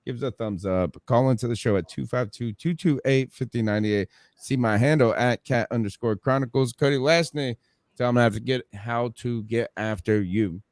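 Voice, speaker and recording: A male podcast host chatting casually, acting out quotes and breaking into laughter as he tells stories. His voice sits at an ordinary pitch, recorded close and dry with no room sound. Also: normal speed, no room sound. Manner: animated storyteller, acts out quotes, laughs often. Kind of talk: casual chat.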